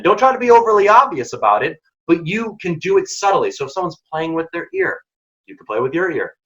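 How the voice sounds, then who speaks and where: A man's voice: on the high side, sharp tone. A young man hosting a workshop, giving direct, emphatic career advice in casual words. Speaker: workshop host and mentoring program founder. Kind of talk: instructive talk with career tips. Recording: dull lo-fi audio.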